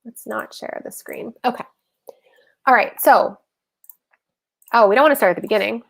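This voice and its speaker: A woman with a slightly high voice and a gravelly, creaky texture, hosting a casual livestream explainer. She talks to her viewers in a chatty way, correcting herself as she goes and calling them y'all. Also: normal speed. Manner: chatty and self-correcting, addresses the audience as y'all. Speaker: host of a live personal-finance session.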